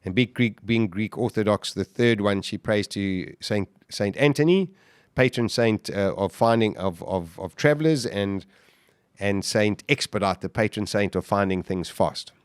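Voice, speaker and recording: Animated man telling a survival story. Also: fairly low pitch, unhurried, smooth, no echo, clean studio sound. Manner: animated, with frequent restarts and sudden surges of emphasis. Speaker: podcast guest. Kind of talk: dramatic first-person storytelling.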